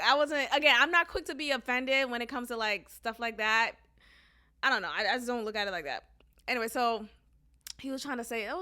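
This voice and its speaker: Bright, animated young woman telling a story. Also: fairly high pitch. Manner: animated, laughs often, acts out quotes. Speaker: podcast host. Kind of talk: casual storytelling.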